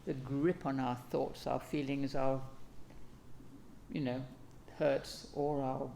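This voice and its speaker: A woman with a low, mellow voice and a gravelly edge, giving a dharma talk. She speaks calmly and gently, taking her time and pausing to reflect. A faint hiss sits under the recording. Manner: calm, gentle, unhurried, with reflective pauses.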